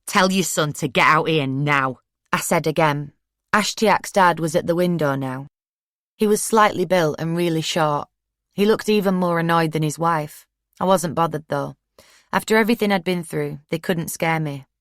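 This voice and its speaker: Brief: woman, low voice, steady first-person audiobook read, dry close mic. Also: normal speed, dry recording. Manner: steady, plain-spoken storytelling. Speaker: audiobook narrator. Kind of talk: first-person true crime audiobook narration.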